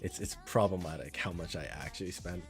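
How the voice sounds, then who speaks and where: A man's voice: sits low, steady tone, a little fast, a bit bright, soft background music. A man streaming a game live, chatting casually with viewers in a rambling, friendly way and reading chat aloud.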